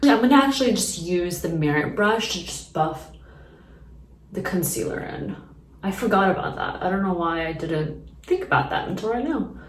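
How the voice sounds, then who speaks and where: A woman's voice: on the low side, big pitch swings, normal speed. A young woman chatting casually through a makeup routine, rambling with lots of fillers. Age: young adult. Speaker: beauty vlogger. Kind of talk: casual makeup tutorial chat. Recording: echoey room, mic at a distance.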